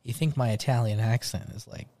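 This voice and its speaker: A man's voice: medium pitch, fairly even intonation, fairly quick, dark tone. A man co-hosting a podcast, chatting casually and teasing with jokes. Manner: jokey, teasing, keeps slipping into voices. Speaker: podcast co-host.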